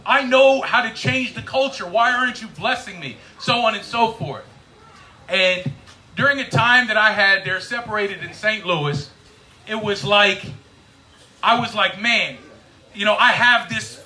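Man, high voice, very bright and forceful tone, animated testimony speaker. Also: rough recording. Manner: fast, animated storytelling. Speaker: event speaker introducing the guest. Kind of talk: personal testimony speech.

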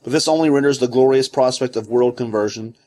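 A man reading a theology book aloud as scripted narration, in a measured, deliberate way. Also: medium pitch, dark tone.

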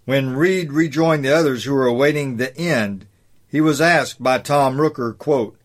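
A man reads his own essay aloud at a measured, unhurried pace. He leans on key phrases and slows down to drive a point home. His pitch sits in a plain middle register. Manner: measured, deliberate reading with pointed emphasis. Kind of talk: read-aloud essay commentary.

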